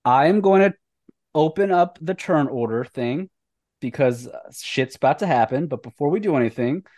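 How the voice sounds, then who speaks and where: A man runs a tabletop game in a relaxed, casual way, and his voice sits in the middle range. The mic is dry and close, with little room sound around him. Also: a little high, normal speed, no echo. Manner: relaxed, casual, loose with fillers. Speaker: game master.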